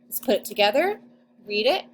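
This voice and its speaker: Teacher woman sounding out syllables slowly. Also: a little high, very animated, a little hiss or hum. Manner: slow, exaggerated sounding-out of syllables. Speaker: second grade teacher. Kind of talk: recorded phonics lesson for children.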